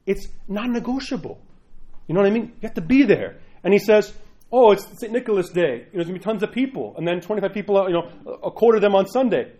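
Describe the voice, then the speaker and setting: Chatty priest, rambling asides, rapid-fire and slightly high-voiced. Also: male voice, animated, warm tone. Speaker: parish priest. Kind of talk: informal sermon to parishioners.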